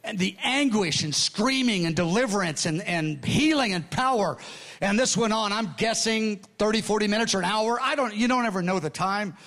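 An older man with a high-pitched voice tells stories from the pulpit in a loose, conversational way. He goes quiet and hushed at moments and often restarts his sentences. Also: lively intonation, normal speed. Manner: conversational, acts out dialogue, laughs often; repeats and restarts, drops to hushed tones. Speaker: preacher. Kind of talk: storytelling sermon with notes.

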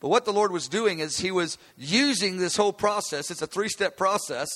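A man's voice: high-pitched, normal speed, fairly bright tone, long reverb tail. A male preacher giving a conversational sermon, explaining a Bible passage with frequent restarts.

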